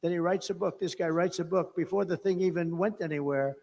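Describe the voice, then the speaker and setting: A man's voice: high-pitched, fairly quick, gravelly, darkish tone. A man giving a rambling, off-the-cuff rally speech as a political candidate, emphatic and mocking, repeating his phrases. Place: large rally venue. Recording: long-reverb rally PA sound.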